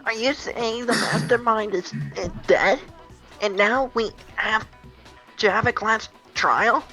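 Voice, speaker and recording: A woman's voice: fairly high pitch, slow pace, sharp tone, faint music behind, voice pushed up. A woman voicing a nervous bookish girl writer from a game, stammering a little as she talks. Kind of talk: reading a game aloud in character.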